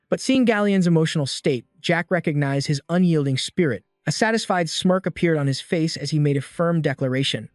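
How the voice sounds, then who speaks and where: A man reading a story recap as scripted narration, in a steady, even storytelling manner. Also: fairly high pitch, fairly quick, few pauses, no room sound, clean studio sound.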